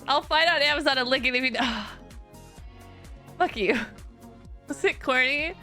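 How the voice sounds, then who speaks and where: A young woman streamer casually telling a story to her chat, giggly and animated, swearing freely. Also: fairly high pitch, slow pace, long pauses, faint music behind.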